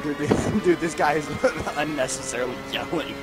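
A man in casual gaming voice chat, loud and profane, teasing his friends between bursts of laughter. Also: a little high, normal speed, over loud music. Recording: loud background noise.

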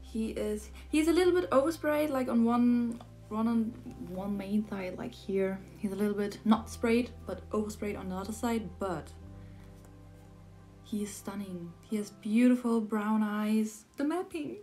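A young woman from Germany, whose first language is German, gushing with breathless excitement as she unboxes a model horse for her vlog and repeats herself often. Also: mid-range voice, a little slow, faint music behind. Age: young adult. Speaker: model horse collector vlogger.

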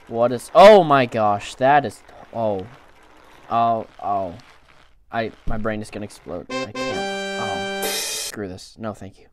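A young man hosting a gaming channel, reacting excitably to the game with yelps and groans. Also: lowish voice, slow pace, soft background music. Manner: excitable, frequent outbursts and groans. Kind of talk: game commentary.

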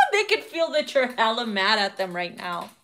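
A woman's voice: on the high side, huge pitch swings, a little slow. A woman giving a casual tarot reading who swears freely, laughs often and acts out quotes. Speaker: tarot reader.

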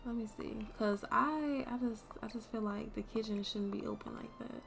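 A young woman streaming a game, chatting casually to her viewers and swearing freely as she thinks out loud. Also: a little high, moderate pace, vocal fry, noisy background. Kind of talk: casual gameplay commentary.

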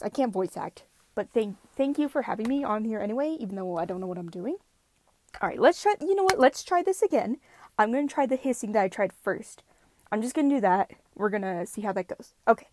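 A woman's voice: on the high side, expressive, a little fast, a little mellow, no room sound. A woman chatting casually between takes as a fan voice actor, apologetic and self-deprecating, rambling as she goes. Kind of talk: casual recording-session chatter.

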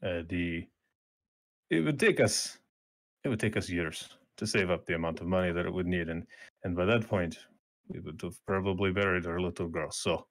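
A man voicing a weary Ukrainian factory worker and desperate father, speaking halting, solemn, broken English in a Ukrainian accent during a tabletop role-play. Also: deep voice, a bit bright. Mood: grave.

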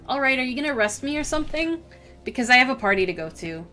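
A woman's voice: high voice, sing-song, fast, sharp tone, soft background music, full character voice. A woman playing an anxious, awkward young dropout. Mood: defensive. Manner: self-deprecating, nervous.

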